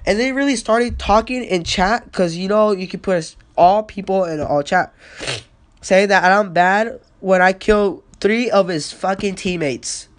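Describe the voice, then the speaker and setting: A sick teenage boy coughs his way through a loose, rambling podcast monologue. His voice sits a little high for a guy, and he swears and stumbles through fillers as he talks. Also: unhurried. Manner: rambling, profane, filler-heavy. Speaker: podcast host.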